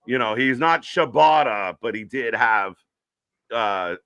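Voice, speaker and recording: A man's voice: medium pitch, expressive, slow pace, pushed and bright, no echo. A man co-hosting a live wrestling watch-along, chatting casually, swearing and reading out viewers' names. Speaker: co-host.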